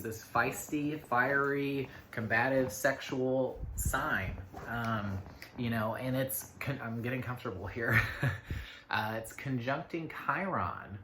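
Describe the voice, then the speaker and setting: A man's voice: medium pitch, sharp tone. A man giving a casual spoken astrology forecast, rambling along with many fillers and little asides to himself. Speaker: astrology reader. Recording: echoey room with faint noise.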